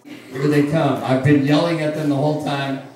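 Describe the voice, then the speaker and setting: A man's voice: on the high side, level tone, normal speed, darkish tone. A man telling a rambling, profane story to a live bar audience, laughing as he goes. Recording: echoey room, distant mic, crowd noise.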